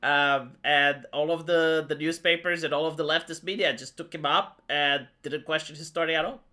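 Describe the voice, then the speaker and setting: A man from Eastern Europe hosting a live stream, chatting casually about politics, animated and quick to laugh, with many fillers. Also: fairly high pitch.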